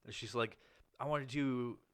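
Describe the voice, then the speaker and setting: A man's voice: moderate pace, clean tone. Profane rambling man telling a story. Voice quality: profane, rambling delivery with many fillers. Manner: acts out quoted people with sudden loud, higher outbursts. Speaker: podcast host. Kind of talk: casual storytelling chat.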